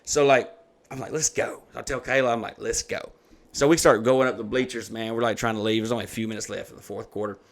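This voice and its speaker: Cussing guy in his 30s, animated storytelling on a podcast, mid-pitch voice. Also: fast, creaky. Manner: profane, animated retelling with put-on quotes. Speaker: podcast host. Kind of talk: casual storytelling chat.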